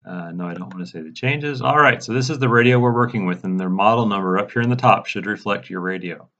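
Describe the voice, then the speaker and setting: A man giving a casual step-by-step software tutorial, walking viewers through settings in a mildly exasperated way. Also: lowish voice, fast talker, dull audio. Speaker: radio programming instructor. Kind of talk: screen-recorded software tutorial.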